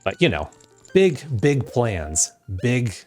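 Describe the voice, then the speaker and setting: A man's voice: medium pitch, very animated, slow pace, over music. A young man chatting casually and affectionately while streaming a video game, rambling between topics.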